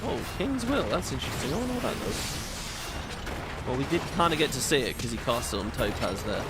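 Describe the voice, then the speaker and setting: A man's voice: medium pitch, sing-song, fast talker, very noisy. A man hosting a gaming video, giving rambling, opinionated playthrough commentary. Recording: game music behind voice.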